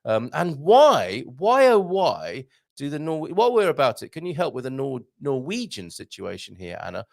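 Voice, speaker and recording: A man's voice: normal speed, creaky. A middle-aged man hosting a live stream, chatting playfully, greeting viewers by name and making puns. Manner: lively up-and-down pitch, jumps high for greetings. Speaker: host. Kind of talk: live-stream chat reading viewer comments.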